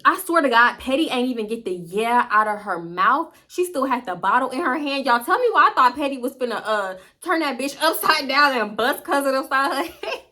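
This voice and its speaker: A young woman vlogger telling a story to camera in a casual, animated way, cursing often and talking straight to her viewers. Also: sits high, a little fast, hardly any pauses. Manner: animated, profane, addresses viewers directly.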